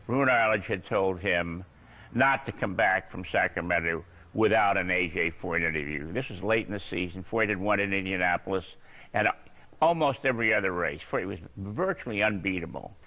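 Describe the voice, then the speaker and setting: An older man telling racing anecdotes in a TV interview, chuckling and pausing on fillers. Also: low-pitched, expressive, bright, forceful tone. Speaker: racing journalist guest. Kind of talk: storytelling in a TV interview.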